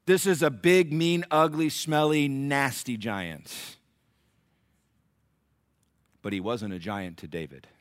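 A man preaching a sermon, telling a story with lively acted-out voices. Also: mid-range voice, slow, pauses often, no echo. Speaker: pastor.

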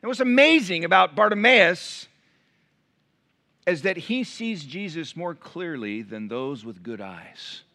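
Pastor, male, bright slightly high voice, dynamic sermon delivery that moves from loud emphasis to quiet intimacy. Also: animated. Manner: dynamic preaching, swinging from loud emphatic lines to hushed intimate ones; acts out crowd voices in quick asides.

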